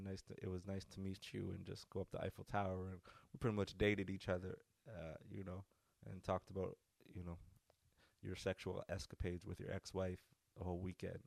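A man hosting a podcast who tells stories casually, rambling and animated, with many restarts. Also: low-pitched, dry recording. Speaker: podcast host. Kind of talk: casual storytelling.

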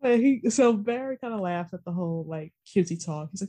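A woman's voice: mid-range voice, lively intonation, fairly quick, hardly any pauses, dark tone. A woman co-hosting a podcast, chatting casually as she playfully retells TV scenes. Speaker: podcast co-host. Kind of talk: casual TV episode recap chat.

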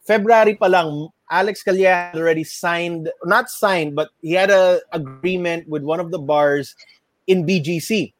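A man's voice: sits high, normal speed, dry recording. A man with a Filipino accent, rambling and correcting himself in casual podcast chat. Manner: rambling, self-correcting, mixes Tagalog into English.

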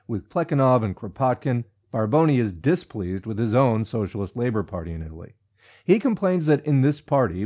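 A man narrating a political audiobook, reading deliberately and with emphasis, marking quotations aloud and adding short comments of his own. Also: mid-range voice, a little mellow. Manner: emphatic, deliberate reading with spoken quote marks.

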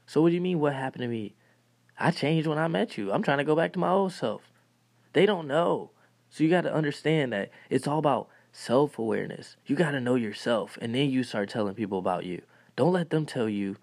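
A young man hosting a podcast, talking in a casual motivational monologue, animated and laughing often as he acts out what others said. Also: mid-range voice, brisk, creaky, no room sound. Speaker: podcast host.

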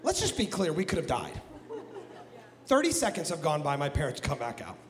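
A man from the Midwest, a guest pastor telling a comic story in a sermon, animated and jokey with bursts of shouting. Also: a little high, brisk. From American Midwest. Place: church sanctuary. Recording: long hall reverb in a church.

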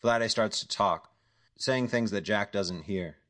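A man reading a crime novel as scripted narration, telling the story in a steady, matter-of-fact way. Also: lowish voice, slow pace. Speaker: audiobook narrator.

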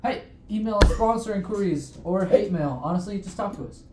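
A man's voice: sits high, brisk. A man hosting a tabletop role-play podcast as dungeon master, sick and talking in a jokey, rambling, teasing way. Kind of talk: casual podcast intro chat. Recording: echoey room with background noise.

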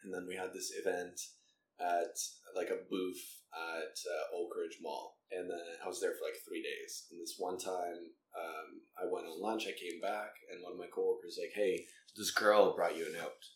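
A man's voice: low-pitched, moderate pace. A man in casual chat, telling a story with acted-out quotes and frequent laughter. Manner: animated, acts out quotes, laughs often. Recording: echoey room with faint noise.

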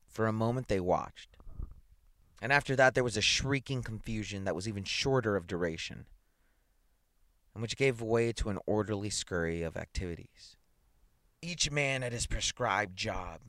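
A man reading a science fiction story aloud in a measured, dramatic way. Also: fairly low pitch, a bit bright, no room sound. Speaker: reader.

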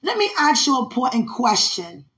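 A woman's voice: sits high, big pitch swings, normal speed, a bit bright. A woman hosting a podcast, talking affectionately and laughing often, then moving into fervent prayer. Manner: affectionate, laughs often, speaks with religious fervor. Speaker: podcast host. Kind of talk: casual spiritual monologue with prayer.

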